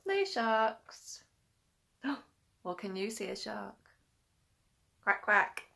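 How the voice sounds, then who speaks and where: A woman's voice: medium pitch, takes it slowly, creaky. A woman teacher reading a picture book aloud to young children, gasping often and asking them questions. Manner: animated, with frequent gasps and questions to the children. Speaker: infant school teacher.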